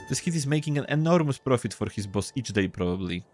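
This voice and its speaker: A man's voice: mid-range voice, animated, fast, few pauses, a little mellow, soft background music. A man casually commenting on a game as he plays, joking and swearing as he reads the text aloud. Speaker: gameplay video host.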